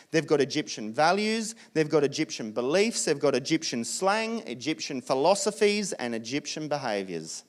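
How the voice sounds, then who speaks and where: A man with an Australian accent preaching a sermon as a pastor, telling stories with animated asides. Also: a little high. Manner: animated storytelling with acted asides.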